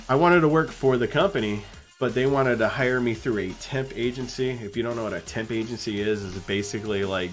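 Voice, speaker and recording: A young man streaming live, chatting casually and acting out the people in his stories in a higher voice. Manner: animated storyteller, acts out quotes in a higher voice.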